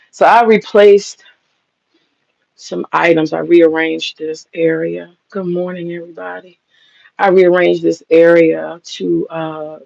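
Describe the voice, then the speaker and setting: A woman livestreaming from her kitchen, talking in a blunt, profane, rambling way. Her voice has a gravelly edge. The audio sounds a little dull and lo-fi, like a phone stream. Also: sits low, a little mellow. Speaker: livestreaming vlogger. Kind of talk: casual livestream chat. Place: home kitchen, indoors.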